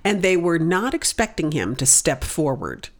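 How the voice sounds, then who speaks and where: Emphatic Bible teacher, lively pitch. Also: moderate pace. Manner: emphatic, dramatic quoting of scripture.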